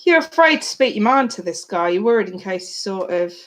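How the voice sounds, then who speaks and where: A woman's voice: medium pitch, animated, a little fast, a bit bright. A woman giving live tarot readings to her viewers in a chatty, blunt way, swearing casually. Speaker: tarot reader.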